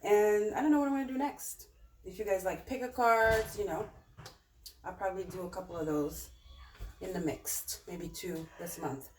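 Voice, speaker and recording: A woman's voice: mid-range voice, normal speed, far from the mic. A woman giving a casual, rambling tarot reading, talking directly to her viewers with many fillers. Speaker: tarot reader. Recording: roomy, off-mic with faint noise.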